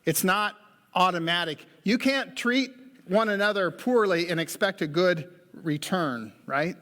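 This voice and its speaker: A man's voice: high voice, unhurried, fairly bright tone, long reverb tail. A man preaching a sermon on marriage as pastor, talking in a folksy way with joking asides. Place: church sanctuary.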